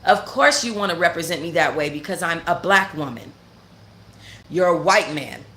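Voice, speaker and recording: A woman's voice: fairly low pitch, lively intonation, normal speed, fairly bright tone, roomy sound, a little hiss or hum. A woman host telling a story in a casual rant, blunt and profane, repeating points for emphasis. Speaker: channel host.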